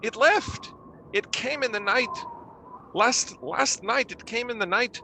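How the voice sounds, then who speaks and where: A man's voice: slow pace, pushed and bright, slight background noise, heavily acted. A man voicing a panicked, soot-covered village man who screams frantically. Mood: shaken. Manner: screaming, frantic, high-pitched.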